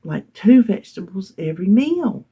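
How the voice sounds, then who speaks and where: A woman's voice: mid-range voice, sing-song, moderate pace, husky, muffled recording. A middle-aged woman with a Southern US accent, chatting casually to her viewers, laughing often and dropping to a whisper now and then. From North Carolina. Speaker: vlogger. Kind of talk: casual chat to camera.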